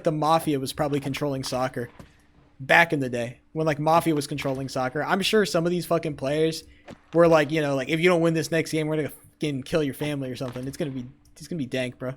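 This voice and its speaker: A young man live-streaming, loudly trash-talking and swearing as he banters with his chat. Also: on the high side. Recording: faint music behind the voice.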